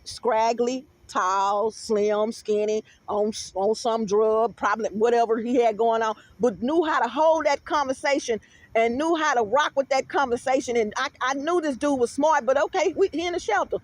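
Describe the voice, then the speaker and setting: A middle-aged woman, speaking in a high voice and telling stories with lively, animated energy. She talks casually to her guest and to the viewers, and her voice is recorded close and dry, with no room echo. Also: moderate pace. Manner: animated storytelling, addresses viewers as y'all. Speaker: host. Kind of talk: casual interview chat.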